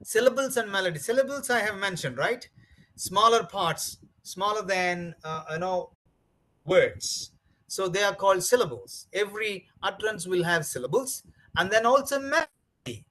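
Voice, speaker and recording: A man leads a teacher-training session in a high voice. He talks emphatically, repeating key words over and over and filling pauses with "uh" and "you know". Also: lively intonation, bright, forceful tone, low-quality recording. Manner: repetitive, emphatic, many fillers. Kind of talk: training lecture.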